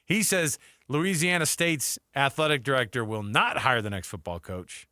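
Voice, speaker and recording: Male sports talk host, joking, bright tone, dry studio sound. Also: mid-range voice, normal speed, dry recording. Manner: joking, wry, reads quotes aloud in mock voices. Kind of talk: casual sports radio banter. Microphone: studio microphone, dry.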